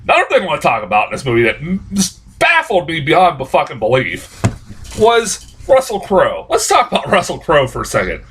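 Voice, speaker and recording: A man's voice: a little high, huge pitch swings, brisk, fairly bright tone, a little hiss or hum, low-quality recording. A young man reviewing a movie in a casual, exasperated rant, cursing often and rambling through restarts and laughs. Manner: exasperated profane ranting.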